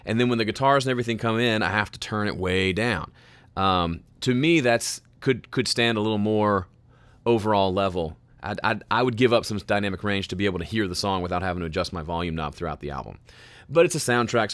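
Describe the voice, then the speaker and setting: Smooth low-voiced man hosting a casual podcast. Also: no echo. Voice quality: smooth, polished speaking voice. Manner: relaxed, conversational explaining with ums and restarts. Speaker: host answering viewer questions. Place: home studio.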